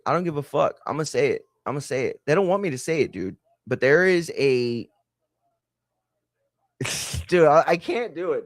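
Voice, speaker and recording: A man hosts a wrestling live stream in a profane, heated rant. His voice leaps between high, loud outbursts and low grumbling asides, and it sits a touch high for a man. The sound is close and dry, with no room echo. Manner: profane, heated, swings from shouting to muttering. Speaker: livestream host. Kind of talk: ranting live-stream commentary.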